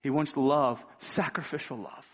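A man's voice: mid-range voice, fairly even intonation, measured pace, husky. A man preaching a sermon with passion, asking rhetorical questions and repeating his words as he builds each point. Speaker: pastor.

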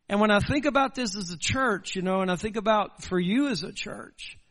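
A man's voice: high voice, in a large hall. A man preaching a sermon in a church, earnest and building through repeated rhetorical questions. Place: church sanctuary.

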